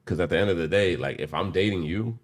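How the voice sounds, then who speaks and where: A very deep-voiced man in his forties chatting on a podcast. He talks candidly and loosely, rambling through his thoughts with street slang and occasional swearing. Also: fast talker. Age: 40s. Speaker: podcast co-host. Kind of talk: casual chat.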